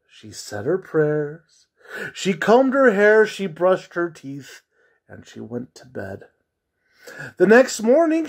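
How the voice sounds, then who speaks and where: Slow, lively-pitched bedtime storyteller. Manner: slow, expressive storytelling with whispered asides.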